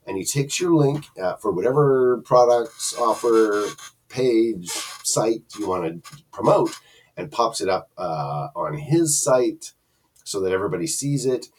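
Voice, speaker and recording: A man's voice: fairly low pitch, husky, distant mic. A man from Canada giving a rambling, casual screen-share review of an online product, full of fillers and restarts.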